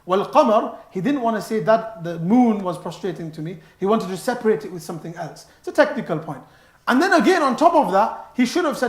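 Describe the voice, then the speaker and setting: Male preacher, animated, stresses words, Arabic phrases, echoey mosque hall. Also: high voice, fairly quick. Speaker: mosque speaker. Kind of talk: sermon.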